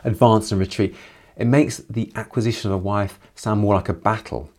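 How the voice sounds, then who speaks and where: A man with a slightly low voice talks through a novel's chapters. He moves between plain summary and thoughtful commentary, adding his own reactions along the way. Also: steady tone, fairly quick, darkish tone. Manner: reflective, with personal asides. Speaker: literature commentator.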